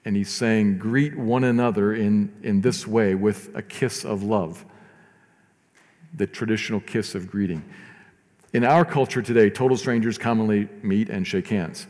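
A man preaching a sermon as pastor, earnest, rising to emphatic lines and dropping to soft, slow ones. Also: on the low side, in a large hall.

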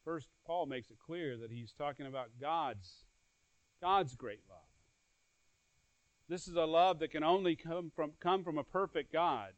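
A man preaching a sermon earnestly. His voice swells louder and then drops soft, and he repeats phrases and restarts words as he goes. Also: a little high, measured pace, no room sound, muffled recording. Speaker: pastor.

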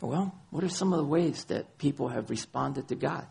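A man's voice: mid-range voice, moderate pace, gravelly, darkish tone, husky. A man preaching a sermon as pastor, citing scripture by chapter and verse and repeating phrases for emphasis.

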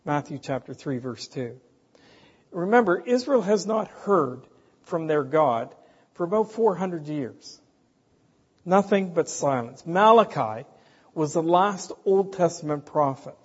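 A man preaching a sermon in a slow, emphatic way, asking the congregation rhetorical questions. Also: on the high side, lively intonation, husky. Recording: dull, hall reverb, from a distance.

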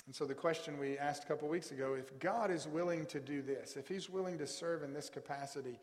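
A fairly high-voiced male pastor delivers a sermon, reading scripture and slowing to a crawl on the words he wants to land. His voice rings out with the long reverb of a big church hall. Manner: emphatic, slows right down to stress key words.

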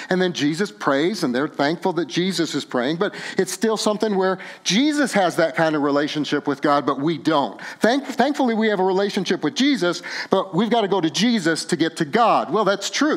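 Man, pastor, middle-aged, higher-pitched voice, halting then fervent preaching. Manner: earnest, halting, rising to fervent emphasis. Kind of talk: sermon.

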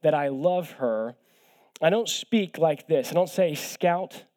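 A young man preaches a sermon as a guest speaker, his voice a little higher than most men's. He's animated but measured, keeping things conversational and easygoing with light self-deprecating jokes, and he often repeats words as he teaches.

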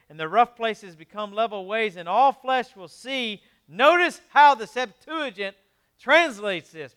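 A man preaching a sermon in a conversational way, with quick asides, moving between quiet, low passages and emphatic ones. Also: smooth. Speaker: pastor.

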